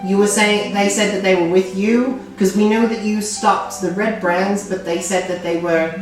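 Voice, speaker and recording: A woman's voice: mid-range voice, steady tone, normal speed, pitched above the performer's own voice, natural voice. A woman with an Australian accent voicing a friendly male innkeeper who talks in a chatty, hesitant way. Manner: chatty and hesitant, lots of ums. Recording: distant roomy sound with background music.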